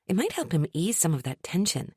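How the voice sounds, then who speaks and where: A gossipy, giggly office coworker, put on by a woman reading a romance audiobook. She teases playfully, her pitch bouncing around. The recording is dry and close. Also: sing-song, brisk, mellow, slightly rough, no echo. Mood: teasing. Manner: playful and teasing.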